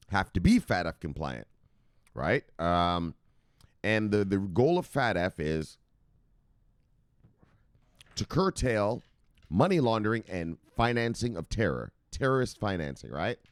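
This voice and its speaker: A man's voice: low voice, dry recording, clean studio sound. A man hosting a crypto news show in casual, profane commentary, joking and chuckling as he reads and explains stories.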